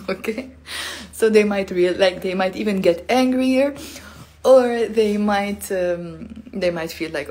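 A woman's voice: on the low side, normal speed, a little mellow. A woman, teaching a casual live lesson in a chatty way, laughing often and acting out sounds. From Lebanon. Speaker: Arabic teacher.

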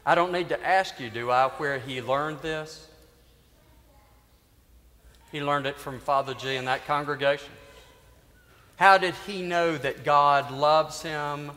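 A man priest preaching a sermon in a church, telling a story earnestly with dramatic pauses. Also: fairly high pitch, steady tone, bright, forceful tone. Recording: reverberant church hall.

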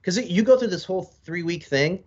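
A man's voice: high-pitched, lively intonation, fast talker. A man in his forties, a military veteran guest on a podcast, telling long rambling stories in casual, profane language. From United States. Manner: profane, rambling, laid-back storyteller. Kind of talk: casual storytelling in an interview. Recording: slightly dull lo-fi audio.

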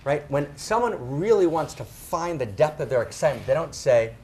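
Animated middle-aged man, fairly high voice, emphatic, peppers talk with "right?". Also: a little hiss or hum. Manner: emphatic, tags phrases with "right?", slows down to stress words. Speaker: speaker on spirituality and sexuality. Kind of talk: animated talk to a live audience.

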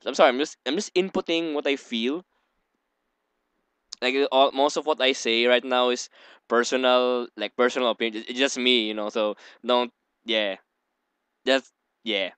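Smooth-voiced young man reading a game aloud. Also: mid-range voice, fairly even intonation, moderate pace, pauses often, fairly bright tone, no room sound. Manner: rambling, giggly, reads dialogue aloud. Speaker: let's play host. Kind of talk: reading a visual novel aloud with commentary.

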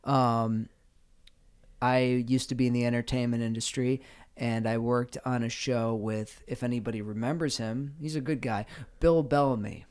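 A man's voice: medium pitch, fairly even intonation, moderate pace, a little mellow, smooth. A man chatting as a guest on a casual podcast, asking questions and chuckling. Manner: curious, asks questions, chuckles.

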